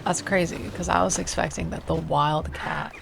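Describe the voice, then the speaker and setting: A young woman giving casual, joking commentary over gameplay, often incredulous and quick to laugh. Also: on the low side, fairly even intonation, creaky. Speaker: gameplay streamer. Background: game music.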